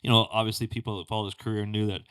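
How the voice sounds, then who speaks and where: Smooth-voiced podcast host man. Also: on the low side, flat delivery, rapid-fire, a bit bright. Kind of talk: casual chat. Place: studio.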